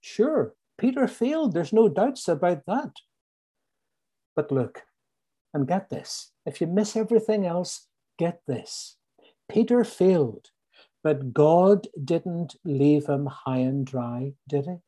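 A middle-aged man from Northern Ireland with a Northern Irish accent, preaching a sermon and slowly repeating his key lines for emphasis. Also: fairly high pitch, expressive, mellow.

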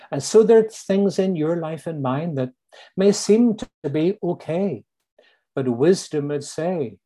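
A middle-aged man from Northern Ireland, accent to match, delivers a sermon and repeats his key lines slowly for emphasis. His voice is a little high but dark in tone.

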